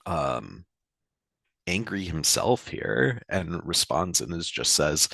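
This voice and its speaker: Man player, low voice, slow halting narration of a game scene, dry close sound. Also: very animated, gravelly, fairly bright tone, husky, dry recording. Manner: halting, many fillers and restarts.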